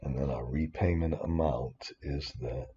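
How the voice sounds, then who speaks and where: Male finance instructor, warm dark tone, loose rambling delivery with sudden rants. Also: rumbling low, unhurried, dull audio, slight background noise. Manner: rambling, many restarts, breaks into excited rants. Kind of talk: screen-recorded spreadsheet tutorial.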